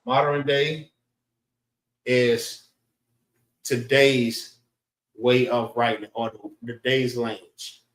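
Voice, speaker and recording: A man teaching a class in a slow, repeating way, often saying "all right" and sounding out words. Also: mid-range voice, level tone. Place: class room in a library. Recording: roomy echo, voice from far off the mic.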